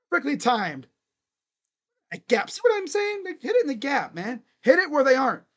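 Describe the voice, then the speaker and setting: A man doing excitable live play-by-play as a fan, cheering, chanting and grumbling at his team. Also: very high voice, moderate pace. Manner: animated, cheering and chanting, swings to muttered grumbling. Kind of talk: excited live game commentary.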